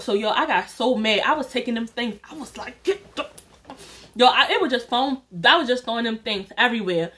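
A woman YouTuber telling a storytime vlog in an animated, chatty way, talking straight to her viewers and swearing casually. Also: on the high side, fairly quick.

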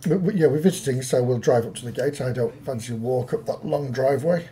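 A man's voice: mid-range voice, fast talker, dark tone, soft background music. A man playing in a tabletop game over an online call, speaking with genteel, old-fashioned politeness. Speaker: player. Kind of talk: in-character tabletop play.

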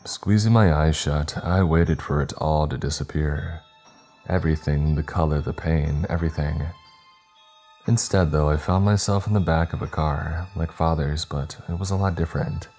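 A man narrating a horror story in a measured storytelling manner. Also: very deep voice, darkish tone. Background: faint music.

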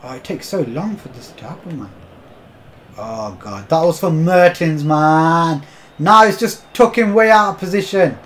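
A young man commentating his own football video game match, swearing often and bursting into shouts at the game. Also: on the high side, lively intonation, measured pace. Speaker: gaming YouTuber. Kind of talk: live gameplay commentary.

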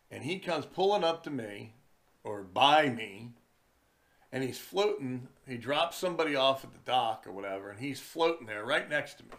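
A man with a mid-pitched voice tells stories at an unhurried, drawn-out pace. His delivery is chatty and wry, like a charter captain spinning yarns. He speaks from a room indoors. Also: a bit bright. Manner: slow, chatty, wry storytelling. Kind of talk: casual storytelling vlog.

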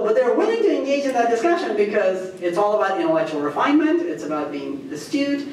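A male history professor giving a guest lecture. He is animated, acts out the arguments he quotes and often asks "right?". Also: high-pitched, slight background noise. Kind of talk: academic lecture. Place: lecture room. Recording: very echoey lecture room, mic far off.

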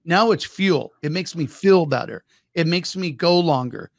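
A man co-hosting a casual business talk, telling lively stories and acting out his own quoted thoughts. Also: a little high, measured pace, vocal fry, dry recording, clean studio sound. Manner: animated storyteller, acts out quoted thoughts. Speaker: podcast co-host.

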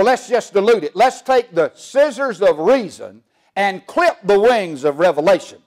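A man preaching a sermon as pastor of a church, building emphasis and asking the congregation questions. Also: high voice. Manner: preaching with swelling emphasis and call-and-response questions. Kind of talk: fiery Southern Baptist sermon. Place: church sanctuary.

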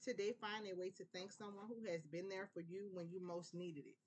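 A woman from New Orleans with a New Orleans accent, giving a relaxed, prayerful tarot reading in a conversational way. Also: mid-range voice, fairly quick, a little hiss or hum. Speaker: tarot reader. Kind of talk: casual spiritual tarot reading.

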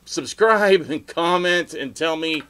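A middle-aged man rambling through a story for his video blog, with sudden loud outbursts and laughter along the way. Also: on the high side, slow pace, clean tone. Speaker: vlogger telling stories.

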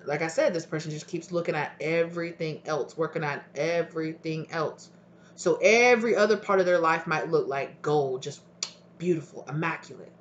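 A chatty tarot reader talks through a casual intuitive reading, slipping into both partners' voices for quick back-and-forth exchanges. The recording sounds dull and lo-fi, with a faint hum underneath. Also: medium pitch.

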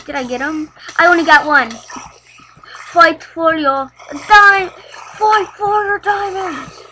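A woman giving casual, chatty commentary over a video game, getting excited and laughing as she plays. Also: very high voice, slow, long pauses, background noise. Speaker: gameplay commentator.

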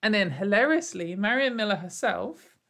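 A woman's voice: medium pitch, expressive, moderate pace, a bit bright. A woman hosting a casual commentary show, rambling and sarcastic, with lots of fillers and little laughs. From United Kingdom. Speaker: commentary video host.

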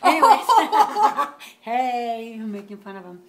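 Woman friend chiming in off camera, teasing and laughing, gravelly voice, faint background noise. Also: on the high side, very animated, takes it slowly. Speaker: friend of the vlogger. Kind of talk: casual banter.

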